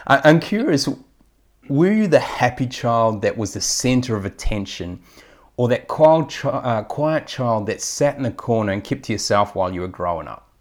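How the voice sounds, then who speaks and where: A man's voice: medium pitch, expressive, unhurried. A man with an Australian accent, a podcast host reading a formal introduction and asking interview questions.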